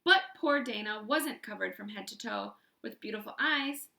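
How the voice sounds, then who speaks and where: A woman reading a children's chapter book aloud with expression, pausing to ask listeners questions. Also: medium pitch, creaky, bright, forceful tone, roomy sound. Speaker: storyteller.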